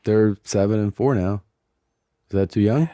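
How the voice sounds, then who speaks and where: A man in his thirties, a fellow comedian, chatting excitably with casual swearing. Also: on the low side, moderate pace, dry recording, clean studio sound. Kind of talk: casual chat.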